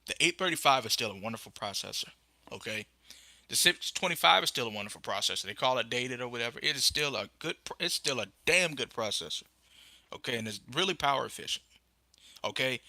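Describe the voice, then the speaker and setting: A young man hosting a casual tech podcast over a phone live stream, rambling with many fillers and bursting into excitement about phones. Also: medium pitch, no echo. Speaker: podcast host.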